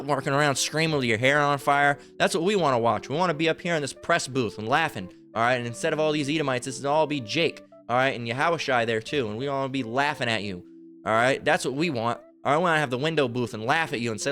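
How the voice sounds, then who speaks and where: A man's voice: medium pitch, quick pace, soft background music. Profane, fiery male preacher. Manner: loud, emphatic and profane, with frequent "all right?" asides. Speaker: street-style preacher. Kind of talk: profane, fiery sermon with scripture reading.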